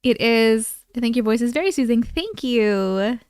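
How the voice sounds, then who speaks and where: A woman's voice: fairly high pitch, lively intonation, moderate pace, a little mellow, clear, resonant tone, no echo, clean studio sound. A woman hosting a live stream, casually chatting with viewers, reading their comments aloud and cooing at her cats. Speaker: livestream host.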